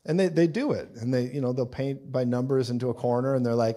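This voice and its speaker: A man's voice: mid-range voice, fairly quick, warm tone. A man preaching a live sermon in a conversational style, with frequent asides and quoted voices.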